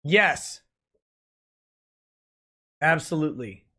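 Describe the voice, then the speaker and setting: Slow-talking drunk man ranting. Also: on the high side, animated, bright, forceful tone. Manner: angry, profane ranting. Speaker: livestream host. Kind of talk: late-night livestream rant.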